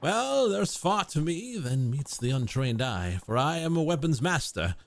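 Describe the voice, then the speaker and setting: A man voicing a haughty, self-important would-be nobleman of thirty-five while reading game dialogue aloud, in a grandiloquent, drawn-out theatrical delivery. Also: fairly high pitch, sing-song, creaky, slight background noise, full character voice.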